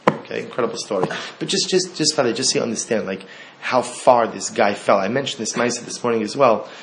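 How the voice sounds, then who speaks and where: A man preaching as a rabbi, telling a story with emphatic, repeated phrases and frequent restarts. His voice sits at an ordinary middle pitch. A faint ambient hiss runs underneath. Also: quick pace, a bit bright. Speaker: rabbi teaching Talmud. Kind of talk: animated storytelling sermon.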